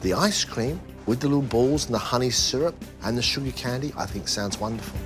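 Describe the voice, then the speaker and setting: A man judging a cooking competition, weighing each dish in a measured way. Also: medium pitch. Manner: measured, evaluative. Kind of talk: judge's commentary. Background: background music.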